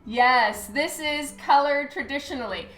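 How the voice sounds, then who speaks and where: Speaking at a measured pace in a high, slightly bright voice, this woman is a comic artist live-streaming as she draws. She chats casually from her studio light table, saying "um" a lot and naming viewers to thank them. Faint music and a roomy echo fill the recording.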